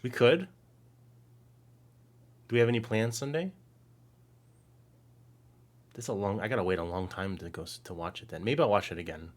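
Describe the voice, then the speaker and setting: A man co-hosting a live stream, chatting casually and excitedly, reading out viewer comments and rambling. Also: fairly low pitch, normal speed, long pauses. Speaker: co-host.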